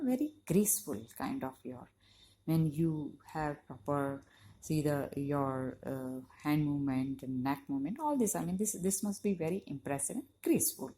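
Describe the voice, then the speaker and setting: A woman's voice: low-pitched, dark tone, slight background noise. A woman teacher, giving a conversational lecture to university students and leaning on "you know" as she explains. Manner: explanatory, emphatic on key points.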